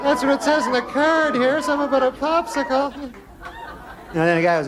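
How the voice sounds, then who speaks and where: A man doing a stand-up routine on a comedy club stage, with a drawling deadpan delivery and many "you know?" asides. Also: very high voice, brisk. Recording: live club recording with loud crowd and noise.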